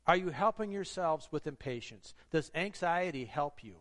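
A man's voice: fairly high pitch, expressive, normal speed, fairly bright tone. A man preaching a sermon, earnest and exhorting, asking the congregation rhetorical questions. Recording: long hall reverb.

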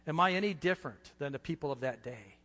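A man's voice: a little high, lively intonation, quick pace. Impassioned male preacher in a reverberant hall. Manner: impassioned, swings from hushed to loud. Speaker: pastor. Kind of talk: sermon.

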